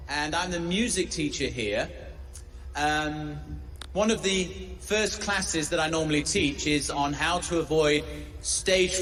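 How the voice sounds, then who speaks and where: An actor playing a nervous male music teacher who makes a halting speech in a film clip. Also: fairly high pitch, fairly bright tone. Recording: distant film audio with reverb and music.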